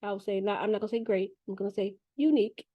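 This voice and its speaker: A woman's voice: mid-range voice, racing, no room sound, muffled recording. Chatty, profane woman reader. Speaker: spiritual reader. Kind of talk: casual spiritual reading.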